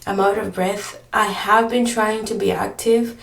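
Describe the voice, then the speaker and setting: A woman's voice: medium pitch, fairly even intonation, a little slow, creaky, echoey room, recorded from a distance. A pregnant woman vlogger chatting casually, rambling with lots of fillers and often short of breath. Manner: rambling, filler-heavy storytelling. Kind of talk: casual chat.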